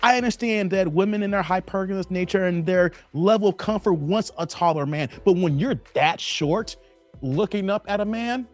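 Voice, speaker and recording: A man's voice: high voice, normal speed. A man hosting a reaction video, commenting in an emphatic, lecturing way over faint music. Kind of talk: casual commentary.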